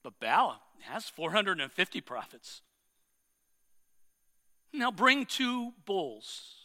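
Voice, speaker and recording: A man voicing a bold, fierce prophet, declaiming slowly and forcefully. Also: high voice, sing-song, exaggerated voice.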